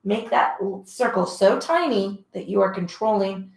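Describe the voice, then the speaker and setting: Working out alongside her students in an echoey room, a woman guides a relaxed Pilates session, explaining each move, prompting breaths, and counting repetitions. She speaks a little slowly at a medium pitch, with lively intonation and a creaky quality.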